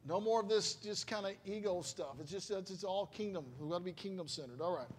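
High-voiced man preaching a sermon. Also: brisk, few pauses, a little hiss or hum. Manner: conversational, emotional storytelling with exclamations. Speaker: pastor.

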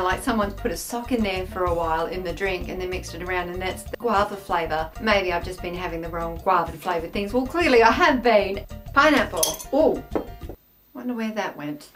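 A woman's voice: mid-range voice, fairly bright tone. A woman with an Australian accent, hosting a casual taste-test vlog in a chatty, self-mocking, exclamatory way. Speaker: food taste-test vlogger.

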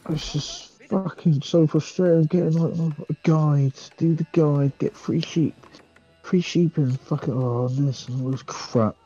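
A man's voice: a little high, steady tone, unhurried, dark tone, slightly rough, soft background music. Man, gamer, angry swearing rants, casual gameplay chat, muffled lo-fi sound. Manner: frustrated ranting, heavy swearing. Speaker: gamer streaming a match.

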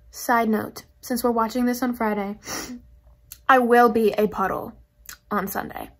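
A young woman in her late teens, a graduating theater student, giving a teary, halting farewell vlog message while fighting back tears. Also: a little high, fairly even intonation, husky.

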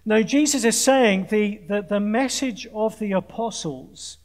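Male preacher, high voice, earnest, pointed emphasis, dry humour, student audience. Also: measured pace. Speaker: conference speaker preaching. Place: large conference hall with an audience.

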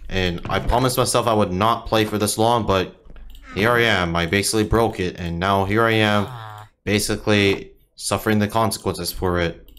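A man's voice: on the low side, fairly even intonation, normal speed, a little hiss or hum. A young man giving casual gameplay commentary, frustrated and swearing often. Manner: frustrated, swears a lot, swings into loud outbursts. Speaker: gaming streamer.

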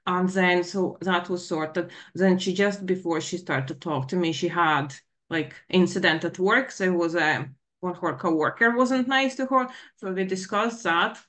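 A woman in her forties speaking on a video call, telling a personal story in an earnest, emotionally raw way, halting and full of "you know, like" fillers. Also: fairly low pitch, fairly bright tone. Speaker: participant asking in a live Q&A.

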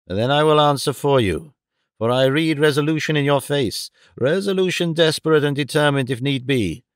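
A man's voice: on the high side, lively intonation, clear, resonant tone, no room sound, studio quality, lightly acted. Man putting on a commanding fortune-teller queen. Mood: stern, ominous. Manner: slow, grave, commanding. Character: stately commanding middle-aged female fortune-teller queen. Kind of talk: audiobook reading.

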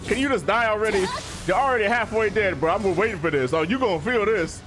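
A man giving excitable, slangy commentary while playing a video game, yelling and calling everyone bro. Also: high-pitched, fast talker. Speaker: gaming streamer. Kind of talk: gameplay commentary. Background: game music.

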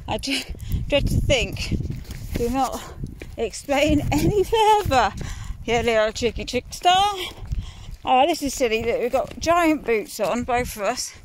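A high-voiced woman who talks at an unhurried pace. She chats casually and grumbles with plenty of swearing while walking outdoors through farm fields. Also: big pitch swings, slight background noise. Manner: chatty, exasperated grumbling, swears freely. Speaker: mother vlogging a countryside walk. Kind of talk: casual outdoor vlog chat.

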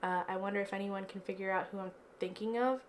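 A woman's voice: mid-range voice, fairly even intonation, fast, slight background noise. A woman chatting casually through gameplay commentary from her home office, giggly and filling her talk with "like" and "um". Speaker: let's play gamer.

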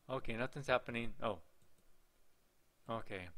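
A man's voice: medium pitch, very animated, brisk, a bit bright. A man giving casual let's play commentary on a horror game, rambling and joking, often talking straight to the game's characters. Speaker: gameplay commentator.

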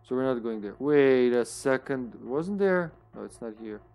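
A man streaming a horror game, talking casually to himself as he plays, often trailing off into quiet mutters. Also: medium pitch, lively intonation, moderate pace, lo-fi sound, soft background music. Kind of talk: casual gameplay commentary.

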